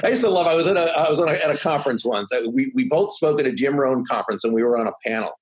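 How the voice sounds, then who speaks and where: A man in his sixties, a podcast guest, telling stories in an animated way and acting out quotes. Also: mid-range voice, rapid-fire, poor audio. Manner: animated, does voices when quoting others. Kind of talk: conversational storytelling.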